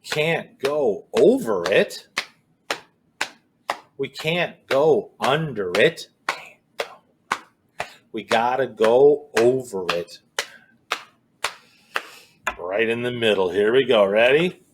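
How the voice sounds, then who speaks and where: A man's voice: mid-range voice, animated, drawn-out words, pauses often, noisy background. A man leading a children's story walk outdoors, chanting a repeating refrain with playful exclamations. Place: outdoors in a cornfield and woods.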